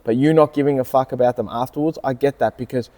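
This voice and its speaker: Man, mid-pitched voice, earnest talker, long room reverb. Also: fairly even intonation, fast talker, mellow. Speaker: podcast co-host, car salesman. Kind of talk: casual chat.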